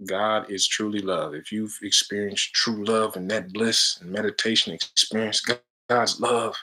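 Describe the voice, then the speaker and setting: A man's voice: lowish voice, fairly even intonation, moderate pace, bright, forceful tone. A man giving a casual, preachy spiritual talk to viewers, full of slang and frequent laughter. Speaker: spiritual chant leader.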